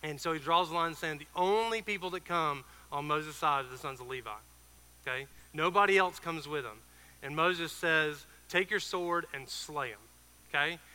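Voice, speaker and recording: A man preaching an informal sermon, retelling a Bible story in a conversational way with fillers and quick asides. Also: fairly high pitch, sharp tone, smooth, long reverb tail.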